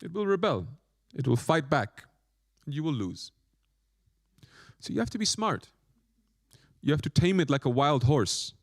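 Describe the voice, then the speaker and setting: A man's voice: on the high side, very animated, a little slow, pauses often, dry recording, clean studio sound. A man, a monk, giving a spiritual lecture with playful, self-mocking asides and short phrases repeated for emphasis. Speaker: monk teacher.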